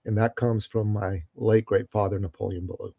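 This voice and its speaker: A man telling stories as a podcast guest, emphatic and preachy, swinging between loud declarations and quiet reflection. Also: lowish voice, fairly even intonation, normal speed, vocal fry, breathy edge, no room sound, dull audio. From Iran. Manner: emphatic, preachy, rises and falls in loudness. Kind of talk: impassioned interview storytelling.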